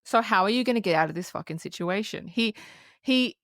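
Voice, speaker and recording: A woman co-hosting a podcast, recapping a horror film in casual, profane, animated chat and acting out the characters' lines. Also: mid-range voice, brisk, dry recording, clean studio sound. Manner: profane, animated plot recapping with acted-out quotes. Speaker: podcast co-host.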